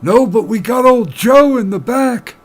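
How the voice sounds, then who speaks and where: A man voicing a sly old male bartender in a told joke, speaking in a slow, raised drawl. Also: very high-pitched, lively intonation, pitched above the performer's own voice, heavily acted.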